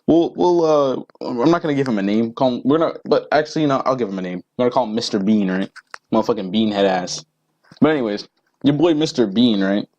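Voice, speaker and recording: A man's voice: medium pitch, animated, fast talker, darkish tone, muffled recording. A teenage boy ranting casually to camera, rambling and profane with lots of fillers. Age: teens. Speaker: vlogger.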